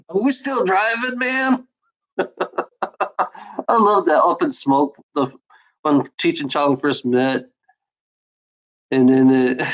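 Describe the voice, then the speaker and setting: A woman's voice: low voice, expressive, very slow, long pauses, poor audio. A woman in a casual rambling monologue, swearing freely and often breaking into laughter.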